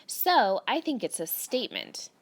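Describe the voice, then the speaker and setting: A woman teacher whose fairly high voice swoops wildly in pitch talks a little slowly as she leads young pupils through a grammar worksheet. In the recorded children's lesson, she patiently reads sentences aloud and breaks down each step.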